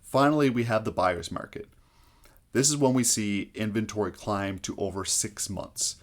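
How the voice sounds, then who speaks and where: A man with a somewhat low voice teaches housing market math to his viewers. He breaks it down step by step in a clear, explaining tone. He often pauses on "uh" as he goes. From Canada. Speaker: real estate agent explaining market math. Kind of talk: explainer video to camera.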